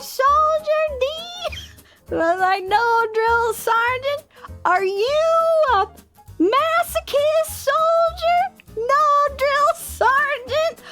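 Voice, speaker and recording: A young woman streaming casual chat, bubbly and self-mocking, laughing often. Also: high-pitched.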